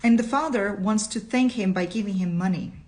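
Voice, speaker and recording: A woman literature teacher reading a short story aloud slowly and deliberately, with some commentary between passages. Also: medium pitch, darkish tone.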